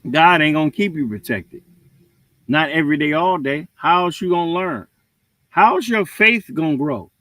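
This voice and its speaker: A man's voice: fairly high pitch, moderate pace, no room sound. A man hosting a livestream, giving a casual, preachy rant with jokes. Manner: animated, preachy, joking. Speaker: livestream host.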